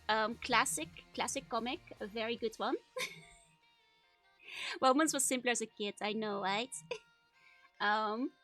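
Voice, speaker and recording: Giggly woman streamer, bright voice. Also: on the high side. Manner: giggly, laughs often, many fillers. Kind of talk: casual chat reading a childhood comic.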